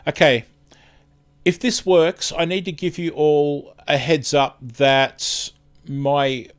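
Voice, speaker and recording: A man's voice: fairly high pitch, flat delivery, slow, clear, resonant tone. An Australian man hosting a live stream in casual chat, rambling and chatty, often losing his words and starting over.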